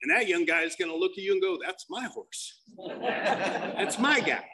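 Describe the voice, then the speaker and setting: A man voicing a kindly old man at a recovery meeting who speaks gently and earnestly. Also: high-pitched, little pitch movement, rapid-fire.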